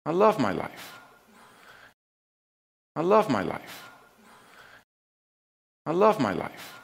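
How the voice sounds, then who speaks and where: A middle-aged man telling a personal story on stage, with an earnest, deliberate, heartfelt delivery and pauses. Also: a little high, big pitch swings, vocal fry. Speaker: conference speaker. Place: stage in a large auditorium. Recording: long reverb of a large auditorium.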